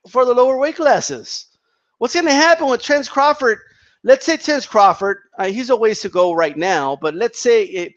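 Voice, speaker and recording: Give me a man with a fairly high voice in a dull lo-fi recording, ranting heatedly in a profane boxing commentary vlog. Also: fairly bright tone. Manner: heated, profane, frequent restarts.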